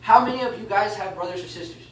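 A man teaching a baptism class in a casual, animated way, often asking "okay?" and "you know?". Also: high voice, fast talker. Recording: echoey room, mic far off, faint noise.

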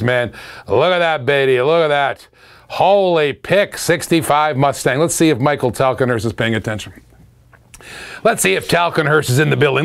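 A man's voice: a little high, creaky, a bit bright. A middle-aged man from Canada hosting a live auction stream, calling bids, laughing and chatting with viewers.

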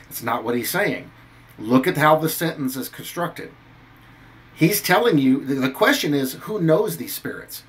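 A man's voice: medium pitch, lively intonation, moderate pace, fairly bright tone, poor audio. Earnest man preaching from scripture. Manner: emphatic, preachy, reads verses aloud. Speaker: Christian video commentator. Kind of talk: earnest scripture-based rant.

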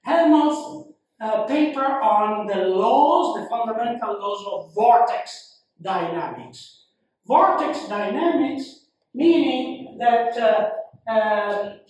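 A man giving a university lecture, slow and halting, with frequent fillers and repeated phrases. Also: very high voice, a little hiss or hum. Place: lecture hall. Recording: very echoey room, mic far off.

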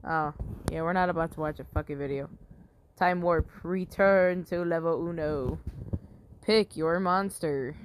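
A woman talks through a mobile game in a slow, unhurried drawl with a slightly low voice. She swears freely and breaks into yelps when things go wrong. A faint hiss sits under the recording. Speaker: gamer. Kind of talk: casual mobile game commentary.

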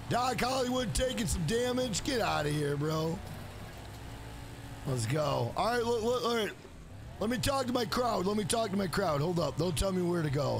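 A man's voice: high voice, creaky. A man streaming a game live, cursing and trash-talking the screen, and greeting and thanking viewers in the chat. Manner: profane, excitable trash talk at the screen. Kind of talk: live-streamed gameplay commentary. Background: game music.

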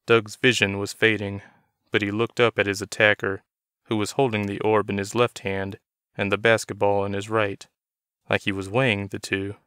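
Low, smooth male story narrator. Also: level tone, moderate pace, a bit bright, no echo, studio quality. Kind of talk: scripted narration of a novel.

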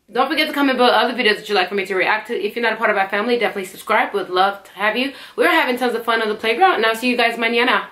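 Bright-voiced, excitable young woman vlogger. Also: a little high, racing, hardly any pauses. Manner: excitable and emotional, chatty with many fillers. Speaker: reaction video host. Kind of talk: casual reaction commentary.

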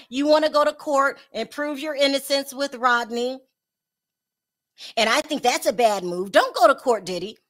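A woman's voice: fairly high pitch, fairly bright tone. A woman hosting a celebrity gossip show, talking bluntly and animatedly, speaking straight to the stars she discusses. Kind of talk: casual commentary to camera.

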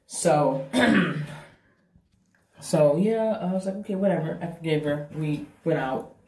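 Speaking slowly in a deep voice, a woman vlogger tells the camera about a breakup in a casual, blunt, profane way, animated as she tells it. She's far from the mic in an echoey bathroom.

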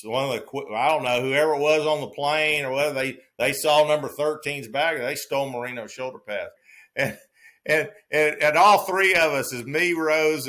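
A man's voice: mid-range voice, a bit bright. A man in his sixties with a Texas accent, telling a rambling anecdote as a guest, full of restarts and chuckles. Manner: rambling storyteller with restarts and laughter. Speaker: guest, former football player. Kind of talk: casual anecdote.

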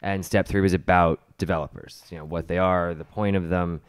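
A man with a low, deep voice talks through hair colour in a relaxed podcast chat. His tone is smooth and resonant. He explains each point patiently, like a teacher in a salon class. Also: a little fast. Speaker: hairstylist co-host and colour educator.

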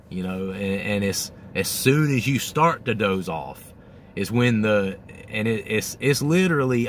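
Middle-aged male host, lowish voice, candid and profane, casual monologue, light background hiss. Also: fairly bright tone. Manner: candid, profane, acts out his own inner voice.

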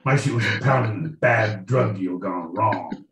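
A man's voice: fairly low pitch, unhurried, a bit bright, echoey room, far from the mic, faint music behind. A man co-hosting a podcast in casual comedic chat, joking around and acting out little bits. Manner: jokey, slips into silly voices and bits. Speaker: podcast co-host.

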